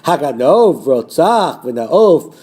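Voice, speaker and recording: Male teacher for a recorded Bible lesson, mellow and soft-toned, rising higher when he quotes others. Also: very animated. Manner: reads Hebrew verses slowly and translates them line by line; rises in pitch when quoting the false prophets' words. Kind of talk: recorded lesson on a biblical text.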